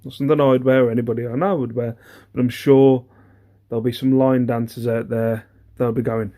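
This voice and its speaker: A man's voice: medium pitch, level tone, brisk, warm tone. A man, chatting casually through an eBay reseller's haul video. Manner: chatty, rambling, self-deprecating, many ums.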